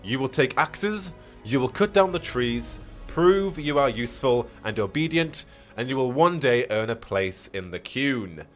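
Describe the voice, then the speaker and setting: A man voicing a stern male Qunari warrior leader who gives slow, weighty orders. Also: mid-range voice, lively intonation, soft background music, natural voice. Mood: commanding.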